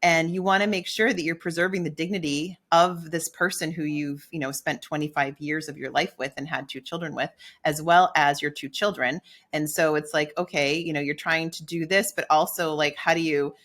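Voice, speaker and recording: A middle-aged woman co-hosting a podcast, telling a personal story in a candid, animated way and acting out her own inner dialogue. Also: low voice, moderate pace, hardly any pauses. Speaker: podcast co-host.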